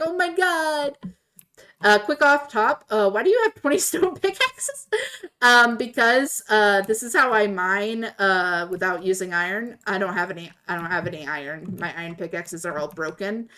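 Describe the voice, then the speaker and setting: A woman streamer casually retelling a tabletop game story while playing, animated and laughing often. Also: medium pitch. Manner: animated, laughing, voices quoted characters.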